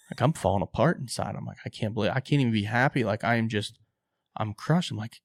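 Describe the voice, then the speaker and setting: A man co-hosting a podcast, excitedly telling a hunting story, acting out his own quotes and swearing casually. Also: lowish voice, quick pace, no echo, clean studio sound.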